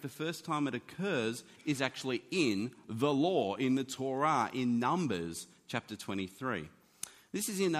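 A man preaching a sermon in an animated, conversational teaching manner. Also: medium pitch. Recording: long hall reverb.

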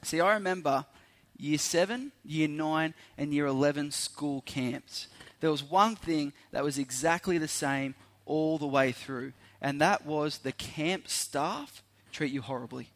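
A young man, preaching a sermon that opens with a lively story in which he acts out the people involved. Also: on the high side, unhurried. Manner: animated storyteller, acting out voices.

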